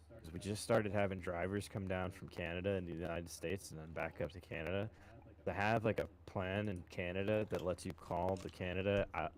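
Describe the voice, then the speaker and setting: Low-pitched male podcast host, relaxed profane storyteller. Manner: swears a lot, storytelling, calls listeners boys. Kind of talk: casual chat.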